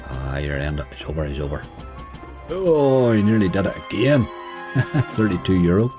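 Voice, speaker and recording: A very animated slots streamer, low-voiced and fairly quick, gives casual commentary as he plays. He chats, mutters to the game, and cheers it on while music plays in the background.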